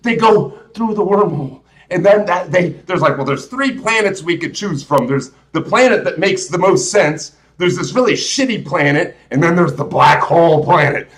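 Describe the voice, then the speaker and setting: A man's voice: high voice, lively intonation, normal speed, few pauses, echoey room. A man hosting a live show, rambling through a casual movie rant with emphatic restarts and rhetorical questions. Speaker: host.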